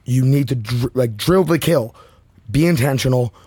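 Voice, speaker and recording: A man talks with restless high energy and drives his points home with swearing. His voice sits in a middle pitch and sounds close and dry, with no room around it. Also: moderate pace, mellow, slightly rough, dry recording. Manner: high-energy, profane, emphatic. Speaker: comedian guest. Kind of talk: casual podcast chat.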